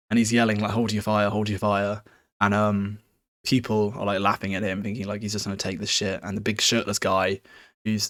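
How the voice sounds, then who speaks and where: Chatty man recapping a book. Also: fairly low pitch. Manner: chatty and rambling, chuckles often. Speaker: podcast host. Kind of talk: casual chapter recap.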